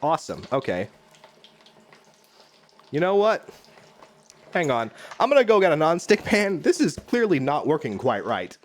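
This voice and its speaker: A man's voice: on the high side, wildly swooping pitch, normal speed, pauses often. A man streaming live from his home kitchen, rambling and joking at his own expense while he cooks and talks to chat.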